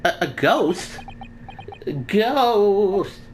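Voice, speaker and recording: A woman's voice: medium pitch, very animated, very slow, soft background music. A woman voicing a nervous, hesitant young male lawyer in a game. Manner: hesitant, stammering.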